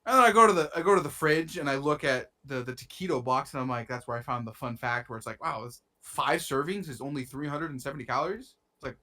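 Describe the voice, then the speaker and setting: A man's voice: mid-range voice, fast, hardly any pauses, pushed and bright. A young man co-hosting a podcast, telling a rambling story in casual chat with lots of swearing and slang, his nose a bit stuffy. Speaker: podcast co-host.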